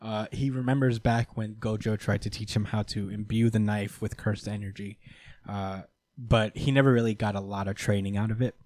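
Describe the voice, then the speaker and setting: A podcast host with a lowish voice casually recaps a manga chapter for his friends, telling it in an animated way, acting out the characters' lines and swearing freely. He talks at a moderate pace. The studio-quality recording has no room sound.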